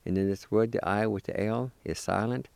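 A man's voice: on the low side, moderate pace, vocal fry, darkish tone, clear, resonant tone, dry recording. A man teaching a language lesson, patiently spelling and pronouncing words syllable by syllable and encouraging the listener. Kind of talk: slow recorded language lesson.

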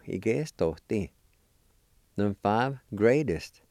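A man teaching a language lesson, spelling and pronouncing words syllable by syllable in a deliberate, patient way. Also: on the low side, vocal fry, warm tone, dry recording, clean studio sound.

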